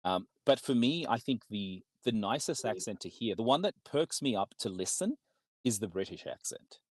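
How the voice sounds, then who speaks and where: An Australian man commentates a card game tournament in an easygoing, upbeat way. His voice sits on the low side. The recording is close and dry, with no room sound. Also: expressive, moderate pace, dry recording. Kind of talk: casual esports commentary.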